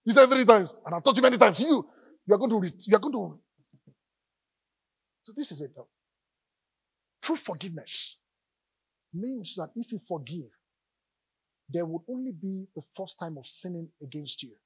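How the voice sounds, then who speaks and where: A male pastor preaching a lively sermon in church, calling out to the congregation and joking between points. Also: high voice, normal speed, long pauses, breathy edge, dry recording. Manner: animated preaching with audience call-outs and jokes.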